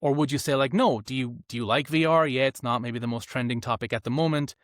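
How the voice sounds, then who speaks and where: Speaking fast in a mid-range voice, an audiobook narrator chats casually over a long conversation. He tells animated, self-mocking anecdotes about himself, captured in studio quality with no echo.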